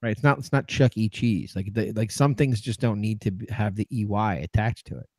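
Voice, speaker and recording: Podcast co-host: male, low-pitched, laughing, loose sports banter at a dry close mic. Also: fairly quick, darkish tone, no echo. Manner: laughs often while reading aloud. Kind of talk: casual sports chat.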